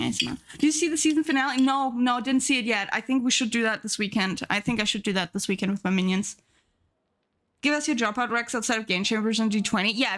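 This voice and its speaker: Young woman streamer, giggly chatterbox, higher voice, faint music bed. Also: fairly bright tone. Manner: giggly, chatty, reads chat aloud. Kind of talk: casual live-stream chat.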